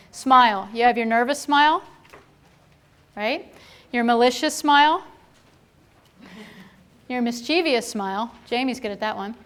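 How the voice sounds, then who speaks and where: A woman's voice: on the high side, a bit bright, clean tone. A woman presenting a live training seminar to a room of people, chatty, with playful asides and frequent checks of "right?".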